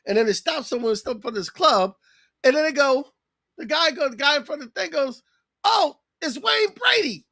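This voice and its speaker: A woman co-hosting a casual podcast chat, retelling a sketch with animated storytelling. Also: sits high, a little fast, no echo, studio quality. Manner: animated storytelling, acts out quoted lines. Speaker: co-host.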